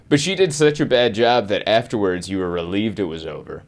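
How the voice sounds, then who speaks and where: Low-voiced man telling a lively story. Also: a little fast, soft background music. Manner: animated storyteller, acts out quotes with jumps in pitch. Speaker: podcast host and comedian. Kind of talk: casual storytelling chat.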